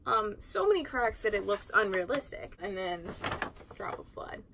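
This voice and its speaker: A woman's voice: medium pitch, big pitch swings, moderate pace, gravelly, noisy background. A teenage girl chatting casually while cleaning her room, sarcastic and swearing freely. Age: teens. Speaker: vlogger.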